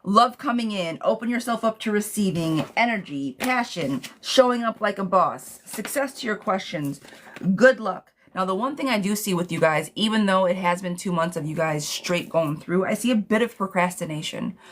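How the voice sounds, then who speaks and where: A woman's voice: medium pitch, expressive, normal speed, a little hiss or hum. A woman giving a live tarot reading, talking bluntly to viewers, swearing freely and calling them sweet pet names. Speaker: tarot reader.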